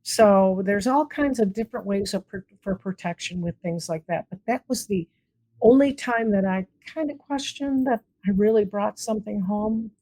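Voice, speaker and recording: A woman's voice: mid-range voice, moderate pace, rough recording. A woman being interviewed as a guest who tells stories casually and brings them to life by acting out the dialogue. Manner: animated, acts out quoted dialogue. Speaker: guest, paranormal investigator.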